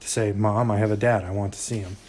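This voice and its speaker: A man's voice: lowish voice, fairly even intonation, quick pace, darkish tone, lightly acted. A man reading aloud, voicing a manipulative estranged father who turns cold and menacing. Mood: bitter. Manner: clingy, turning cold and menacing.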